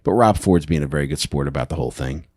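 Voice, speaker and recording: A man's voice: a bass voice, fast, a little mellow, no echo, studio quality. A man casually telling a story on a podcast, laid-back, swearing and saying "dude" a lot.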